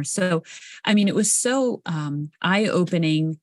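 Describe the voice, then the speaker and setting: A woman's voice: lowish voice, lively intonation, takes it slowly, no room sound, clean studio sound. A woman co-hosting a podcast about recovery, talking candidly in casual chat, swearing freely and laughing often. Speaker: podcast co-host.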